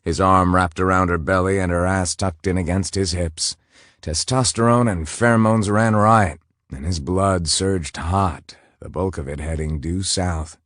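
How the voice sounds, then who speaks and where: A male narrator reads a romance novel aloud in a measured, intimate way. His voice sits very low, and the close, dry recording has no room sound at all. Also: steady tone, a bit bright, no echo. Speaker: audiobook narrator.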